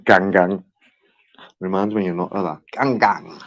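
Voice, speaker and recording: Brief: male streamer, slightly low voice, rambling and profane, casual chat to viewers. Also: a little slow, fairly bright tone, lo-fi sound. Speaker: livestreamer.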